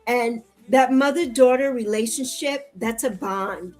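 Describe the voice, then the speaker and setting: A woman with a high voice talks in an interview about what matters most to her, circling back to the same phrases. Her delivery is heartfelt and turns tearful and pleading at times. Faint music plays behind her. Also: a little slow, a little mellow, low-quality recording. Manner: heartfelt, repetitive, rising into tearful pleading when hurt. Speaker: interview guest. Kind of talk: emotional interview conversation.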